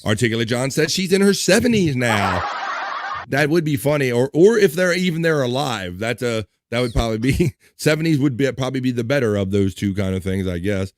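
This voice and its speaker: A man's voice: mid-range voice, expressive, brisk, no echo. A man hosting a casual livestream, joking, laughing often and reading chat comments aloud. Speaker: livestream host.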